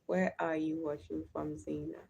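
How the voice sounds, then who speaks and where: A woman's voice: deep voice, normal speed, gravelly, lo-fi sound, slight background noise. Nigerian woman with a Warri Pidgin accent. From Delta State, Nigeria. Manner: animated storytelling, switches into Pidgin. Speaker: livestream host. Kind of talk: casual livestream chat.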